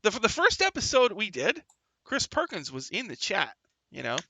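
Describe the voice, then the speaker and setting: A man's voice: high voice, wildly swooping pitch, moderate pace, bright, forceful tone, dry recording. A man hosting a livestream talk show, chatting casually and rambling, with lots of fillers and restarts, sometimes reading viewer comments aloud. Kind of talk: casual chat.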